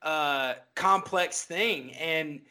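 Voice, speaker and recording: A man with a high, bright voice talks about movies in a relaxed podcast chat. He is enthusiastic and walks through scenes in eager detail, and his tone stays sharp and clear. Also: very slow. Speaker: podcast co-host. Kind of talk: casual film discussion.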